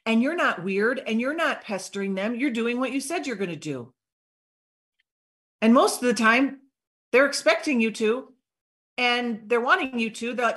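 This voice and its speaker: A woman giving an energetic live training on sales follow-up, acting out short sample conversations in an upbeat voice. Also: on the high side, normal speed. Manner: energetic, upbeat coaching with acted-out sample dialogue. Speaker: network marketing trainer.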